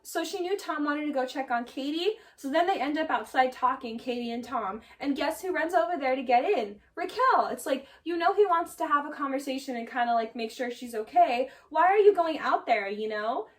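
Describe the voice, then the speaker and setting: High-voiced gossipy woman recapping. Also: animated, a little fast, few pauses, fairly bright tone, far from the mic. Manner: gossipy, many "like"s, acts out quotes. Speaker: recap vlogger. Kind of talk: casual reality TV recap.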